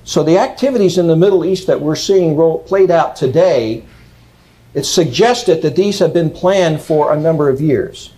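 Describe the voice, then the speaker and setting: Emphatic male lecturer, slightly high voice. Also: moderate pace, mellow, low-quality recording. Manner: emphatic, checks in with "okay?". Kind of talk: lecture reading quotes.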